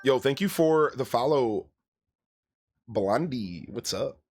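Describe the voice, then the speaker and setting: A man's voice: mid-range voice, expressive, slow, darkish tone, faint music behind. A young man streaming a video game, chatting in a rambling, casual way and greeting viewers. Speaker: gaming streamer. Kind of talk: let's play commentary.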